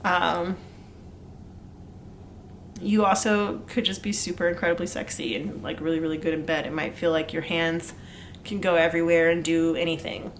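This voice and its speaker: A woman's voice: lowish voice, flat delivery, normal speed, slight background noise. A young woman doing a casual pick-a-card tarot reading, chatty and rambling with lots of fillers and laughs. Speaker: tarot reader.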